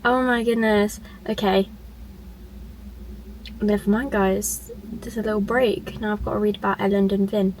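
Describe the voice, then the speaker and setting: A woman's voice: mid-range voice, flat delivery, normal speed, pauses often, darkish tone, a little hiss or hum. A woman vlogging her reactions while reading, chatty and emotional, often exclaiming. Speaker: book vlogger. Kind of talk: casual reading-reaction vlog. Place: at work on a lunch break.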